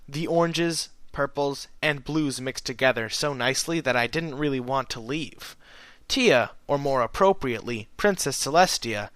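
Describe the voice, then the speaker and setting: A man reading a fan fiction audiobook aloud in the first person, with an expressive, animated delivery. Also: mid-range voice, no room sound. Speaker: narrator.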